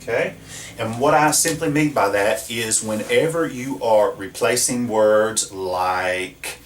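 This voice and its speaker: Slow and lively in intonation, a medium-pitched male voice leads a Spanish grammar lesson at the whiteboard. He explains with patience and questions the students, while a camera across the reverberant classroom records him from a distance.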